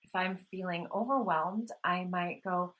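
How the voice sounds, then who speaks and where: A woman vlogger gently explaining calming practices in a soothing, unhurried talk, with audible sighs when she demonstrates breathing. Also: lowish voice, rough recording. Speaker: wellness vlogger. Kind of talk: casual instructional talk.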